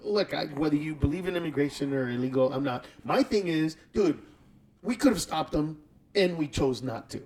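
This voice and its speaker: Man, casual podcast host, fairly high pitch, animated, profane storyteller. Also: poor audio. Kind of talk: casual chat.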